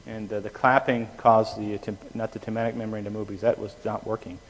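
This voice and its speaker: A man's voice: fairly low pitch, little pitch movement, fast talker. A man giving a classroom lecture on anesthesia, explaining with homespun analogies and checking in with "okay?" after each point. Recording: reverberant lecture hall.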